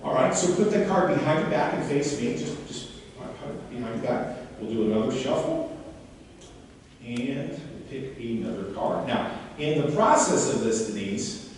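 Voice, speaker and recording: A man giving a live workshop demonstration to an audience and coaching a volunteer on stage in an animated, questioning way. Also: medium pitch, normal speed, slight background noise. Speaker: seminar speaker. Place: large hall before an audience. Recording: echoey hall, mic far off.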